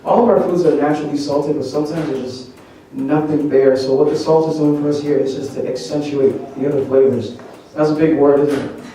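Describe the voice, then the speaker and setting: Male cooking demonstrator, mellow and playful, quizzing the crowd, recorded from a distance in a very roomy hall. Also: a little high, steady tone, brisk, few pauses, slight background noise. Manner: chatty and joking, quizzing the audience. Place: large echoey church hall. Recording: very echoey hall, mic at a distance.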